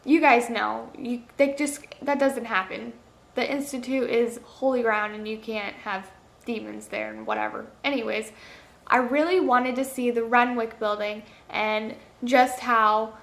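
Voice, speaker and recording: A woman with a slightly high voice chats through a casual movie review vlog. She leans on "like" fillers and acts out her own reactions. Her voice rings around an echoey room. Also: fairly bright tone.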